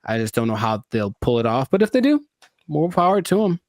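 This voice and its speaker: A man's voice: medium pitch, very animated, a little fast, a little mellow, no echo. Laid-back, rambling male co-host. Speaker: podcast co-host. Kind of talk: casual banter.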